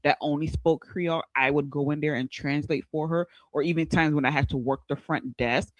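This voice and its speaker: A woman co-hosting a podcast with her siblings, telling stories in an animated, casual way. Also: low voice, brisk, no room sound, lo-fi sound. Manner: animated storytelling, laughs often. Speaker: podcast co-host. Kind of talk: casual chat.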